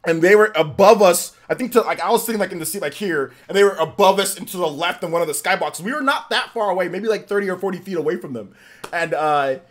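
A man with a fairly high voice talks casually to his stream viewers. He rambles, repeats phrases and laughs along as he goes. His sentences often trail off into soft mutters. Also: fast. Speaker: livestream host. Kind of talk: casual live stream chat.

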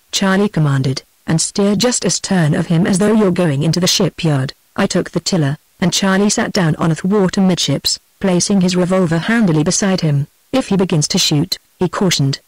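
A text-to-speech woman's voice with a British English accent, reading an adventure novel aloud in an even, steady manner without character voices. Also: lowish voice, no room sound, poor audio. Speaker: audiobook narrator. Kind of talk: scripted narration.

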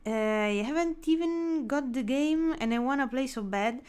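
A woman with an Italian accent chatting casually on a live drawing stream, excitable, with many fillers and restarts. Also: high-pitched, moderate pace.

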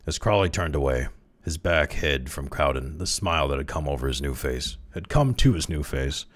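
Deep-voiced man reading a story aloud. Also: normal speed. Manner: lively, chuckling asides. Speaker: reader. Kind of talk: story reading with amused asides.

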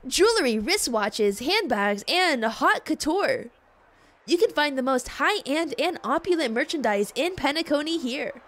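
A woman voicing a polished young female luxury shop owner in a game, with a bright, gentle and politely formal manner. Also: sits high, lively intonation, a little slow, pitched above the performer's own voice. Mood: polite, welcoming. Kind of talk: voicing unvoiced game dialogue.

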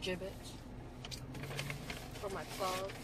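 A young woman vlogging playfully with her mother over lunch, excitable and chatty. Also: medium pitch, extremely slow. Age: young adult. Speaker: vlogger daughter. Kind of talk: casual chat. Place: restaurant. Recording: noisy restaurant on a phone.

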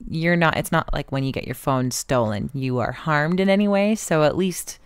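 A woman co-hosting a casual podcast, playful and teasing, throwing in quick follow-up questions. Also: low-pitched, clean tone, no room sound, clean studio sound. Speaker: podcast co-host. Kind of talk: casual chat.

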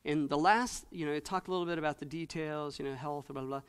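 A male pastor preaching a sermon in church, moving between soft, low asides and loud, rising exhortation with repeated emphatic phrases. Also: fairly even intonation, fast talker, clean tone. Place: church sanctuary.

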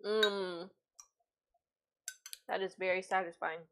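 A woman's voice: medium pitch, steady tone, slow pace. A woman hosting a casual cooking livestream, chatting and reading viewer comments aloud while she cooks, recorded on a lavalier microphone in a home kitchen.

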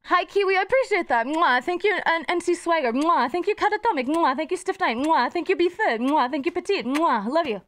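A woman's voice: very high voice, lively intonation, a bit bright. A young woman streaming live, chatting casually with her chat, playful and profane. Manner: playful, swearing, quick jumps between topics.

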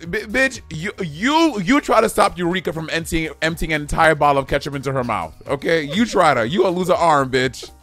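A man with a slightly high voice gives his opinions in a casual review chat, blunt and sassy, with cursing dropped in freely. Faint music plays in the background. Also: expressive, fairly quick, few pauses, a bit bright. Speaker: co-host of a TV review show.

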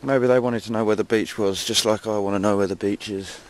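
Walking through dunes and woods, an English vlogger narrates casually to the camera in a chatty, self-mocking, jokey way. He talks a little fast in a fairly low voice with fairly even intonation, and the outdoor camera recording is noisy.

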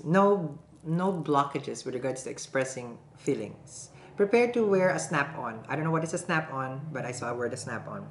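A woman with a low voice gives a casual tarot reading, chatty and quick to laugh, stopping often to ask "okay?". The recording is roomy with echo, and there is a faint hum of noise behind her. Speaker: tarot reader.

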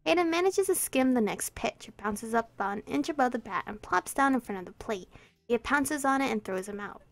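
A young woman playfully reading a visual novel aloud as a streamer, giggling and breaking into loud outbursts. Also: on the high side, expressive, a little fast, dry recording. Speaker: let's play streamer.

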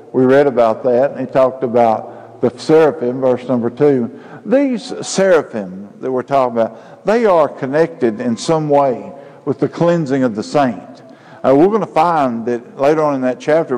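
A male pastor preaching a sermon, building to loud emphatic peaks. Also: medium pitch. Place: church sanctuary. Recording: church hall with long reverb.

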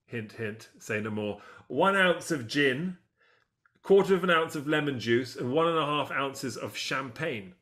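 A man's voice: mid-range voice, lively intonation, unhurried, fairly bright tone. A man co-hosting a casual show, chatting and rambling with fillers. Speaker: podcast co-host. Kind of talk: casual chat.

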